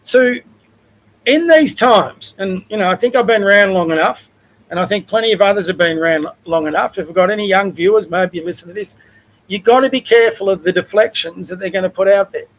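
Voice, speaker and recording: A man's voice: sits high, a little fast, a bit bright, poor audio. An older Australian man hosting a livestream, giving blunt, conversational opinions in a casual rant. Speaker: livestream host.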